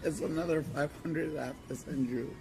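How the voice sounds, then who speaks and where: A man's voice: fairly high pitch, fairly even intonation, normal speed, creaky, over music, low-quality recording. A man livestreaming, gushing and repeating himself, teary as he hands out money. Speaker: livestreamer giving money to a guest. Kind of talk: emotional livestream talk.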